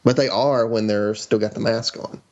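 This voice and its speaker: A man co-hosting a casual podcast chat, relaxed, often saying "you know" and "like". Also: lowish voice, normal speed, muffled recording. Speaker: podcast co-host.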